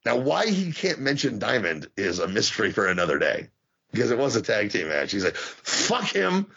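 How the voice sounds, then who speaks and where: A man chatting casually as podcast host, profane and rambling, with a gravelly, husky voice. His pitch swings widely, and the sound is dull and lo-fi. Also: very animated, a little fast, fairly bright tone. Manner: profane, rambling, stammers and restarts. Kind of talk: casual chat. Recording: dull lo-fi audio.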